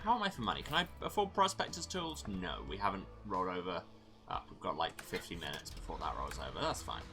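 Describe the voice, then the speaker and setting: A man's voice: sits low, sing-song, fast, music in the background. Wry man narrating gameplay. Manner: wry, self-mocking asides. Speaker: let's play gamer. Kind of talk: gameplay commentary.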